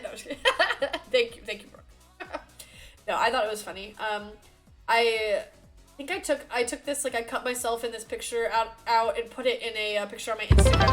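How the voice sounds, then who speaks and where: Young female streamer, high bright voice, giggly and chatty, casual live chat. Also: expressive, moderate pace, faint music behind.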